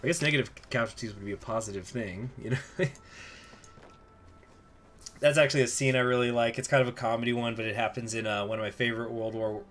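A young man streams a strategy game live, talking in a loose, rambling way and reacting aloud as the game moves along. His voice sits at an ordinary male pitch, and faint music plays underneath. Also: steady tone, fast talker, fairly bright tone.

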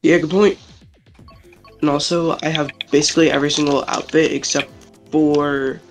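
A man's voice: fairly high pitch, little pitch movement, normal speed, faint music behind. A man streaming a kart-racing game, chatting casually and rambling over voice chat.

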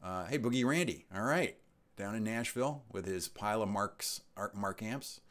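A man's voice: on the low side, lively intonation, normal speed, a bit bright. A man in his sixties hosting his channel's live stream, chatting casually and reading out viewer comments with rambling asides. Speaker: channel host.

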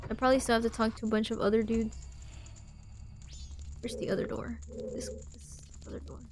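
A woman playing a video game and commenting on it, speaking softly and half whispering in quiet parts. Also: a little high, level tone, a little fast, noisy background. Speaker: gamer.

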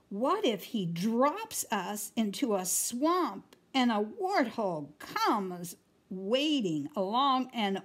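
A woman's voice: on the high side, breathy edge, full character voice. A woman voicing a well-read male woodchuck in a storybook read-aloud, wailing in anxious cries. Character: bookish male woodchuck, suddenly fearful.

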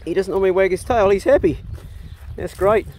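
Easygoing New Zealand man, fairly high voice. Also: a little fast, darkish tone. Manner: easygoing, talks fondly to his dog. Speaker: homesteading vlogger. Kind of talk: casual vlog chat. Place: outdoors on a beach.

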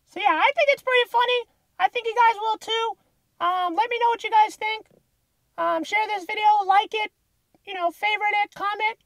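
A woman with a very high, childlike voice, talking in a silly, innocent way for a gaming prank video. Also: normal speed, fairly bright tone, reverberant. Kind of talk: casual vlog intro and game chat prank.

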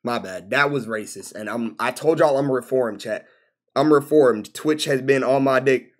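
A man's voice: mid-range voice, moderate pace. A man streaming live, reacting to posts in loose, profane, exclaiming talk, with bro at the end of nearly every line. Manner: animated, exclaiming, profane, says bro constantly.

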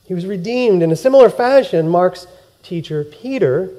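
A male pastor giving a sermon in a church, telling the story in a lively way, acting out quotes and laughing along. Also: high-pitched, normal speed.

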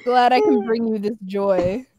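A woman's voice: fairly high pitch, a little slow, warm tone, slight background noise. A woman chatting casually with fellow tabletop players, telling an amused story and chuckling between lines.

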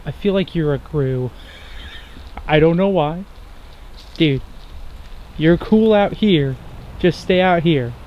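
A chatty young man tells his camera about cooking and bugs at a beach campsite, laughing often. His voice sits fairly high for a man, and a faint outdoor hush runs behind him. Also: lively intonation, takes it slowly, long pauses, lo-fi sound, slight background noise. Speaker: outdoor adventure vlogger. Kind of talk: casual camp vlog narration.

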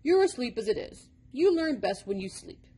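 A woman's voice: fairly high pitch, sing-song, normal speed, warm tone, husky. A woman voicing an impish, impatient male number devil who lectures like a know-it-all, in a storybook reading. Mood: teasing.

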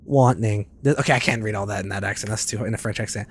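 A young man in his twenties, commentating a game playthrough, loud, excitable and swearing a lot. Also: lowish voice, rapid-fire, slight background noise. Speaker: gaming streamer. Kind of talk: let's play commentary.

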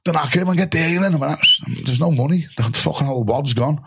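Gravelly Liverpool man telling stories. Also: a little high, fast, background noise. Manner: animated, swears freely, acts out voices of friends. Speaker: guest. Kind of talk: storytelling in casual chat.

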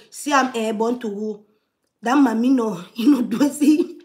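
A woman giving animated livestream commentary, laughing often and dropping into murmured asides. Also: fairly high pitch, measured pace.

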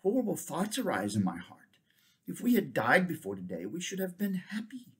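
A man voicing an angry, proud young king who gives commands and sometimes drops into fearful hushes, in a husky voice. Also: fairly high pitch, wildly swooping pitch, normal speed, voice pushed up. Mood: fearful hushed.

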